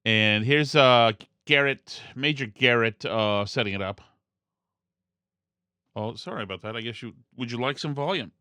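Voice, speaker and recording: A male podcast host with a bright, crisp voice, recorded close and dry. He rambles casually, interrupting himself and circling back as he sets up his story. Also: mid-range voice, moderate pace, no room sound. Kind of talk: casual commentary.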